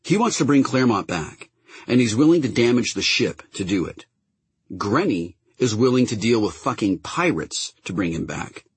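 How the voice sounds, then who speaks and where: A man voicing a fierce, profane woman captain who snaps and threatens, with a husky voice. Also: mid-range voice, very animated, moderate pace, no room sound. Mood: angry. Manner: snarling, sharp, swears constantly.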